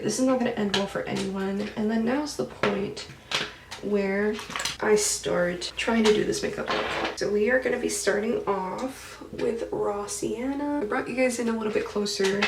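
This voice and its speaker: A woman's voice: mid-range voice, normal speed, distant mic, very noisy. Chatty woman vlogging in an echoey room. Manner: chatty, swears freely, reads dreams aloud with animated retelling. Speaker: beauty vlogger. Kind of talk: casual get-ready-with-me chat.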